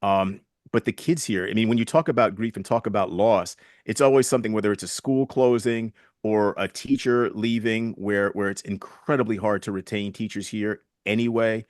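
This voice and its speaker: A man's voice: lowish voice, fairly even intonation, normal speed, hardly any pauses, no room sound, clean studio sound. A man in his sixties, a guest in an interview, telling stories earnestly and reflectively and retelling past conversations. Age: 60s.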